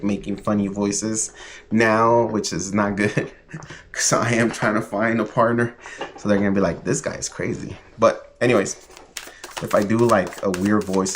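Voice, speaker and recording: Low-voiced male tarot reader on a casual livestream, rambling and chatty, with a faint hiss behind him. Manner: rambling, filler-heavy, chatty.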